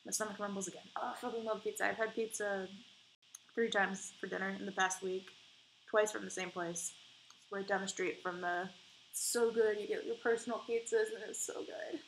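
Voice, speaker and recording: A woman reading a dating game aloud and commenting, animated and swearing freely. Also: medium pitch, fairly quick, a little hiss or hum, rough recording. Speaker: gamer playing a dating game.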